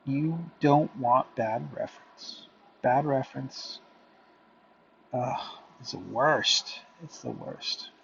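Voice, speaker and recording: A man chatting casually to viewers while he draws, rambling and muttering softly to himself. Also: mid-range voice, takes it slowly, vocal fry, highs cut off, a little hiss or hum. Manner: rambling, self-talking, drifts into soft muttering. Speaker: drawing vlogger. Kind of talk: casual talk while drawing. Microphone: headphones with mic.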